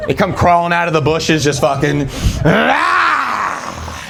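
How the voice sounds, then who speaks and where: A young man from the East Coast of the US doing a stand-up set, telling stories with lots of swagger and jumping into squeaky voices for the people in them. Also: brisk, gravelly, slight background noise. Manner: animated storytelling, jumps into high squeaky voices for characters. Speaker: stand-up comedian.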